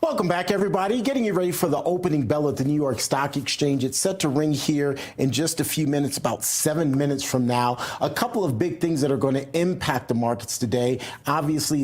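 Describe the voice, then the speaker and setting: A man's voice: medium pitch, darkish tone, husky. A man co-hosting a morning news show, moving between easygoing jokes and market news. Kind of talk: casual studio banter and news links.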